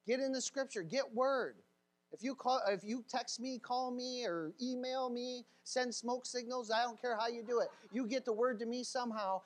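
A man preaching a sermon in a fiery, folksy way, with sudden shouts and laughter. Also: extremely high pitch. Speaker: pastor.

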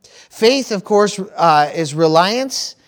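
A man's voice: high-pitched, expressive, takes it slowly. A middle-aged man preaching a sermon, repeating phrases and dropping in praise interjections as he goes. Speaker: pastor.

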